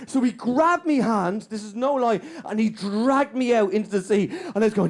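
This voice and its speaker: In front of a live crowd at a small comedy venue, an Irish stand-up speeds through an anecdote, tacking "right?" onto his lines. He speaks in a very high-pitched, slightly mellow voice.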